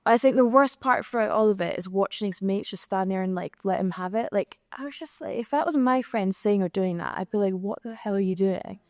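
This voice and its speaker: Young Scottish woman, singer guest, animated candid storyteller; mellow tone, dry close sound. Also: mid-range voice, fairly quick, hardly any pauses, no room sound. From Scotland. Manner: animated storytelling, acting out quoted exchanges. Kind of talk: candid panel conversation. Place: live podcast recording in an arts venue.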